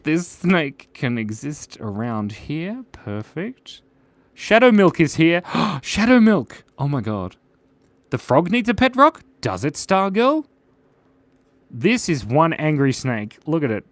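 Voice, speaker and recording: A man's voice: fairly high pitch, sing-song, takes it slowly, no echo. A man hosting a live drawing stream, chatting playfully with viewers and reading out their comments. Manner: playful, chatty, reads out viewer comments, often drops to a mumble while drawing. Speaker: livestream drawing host.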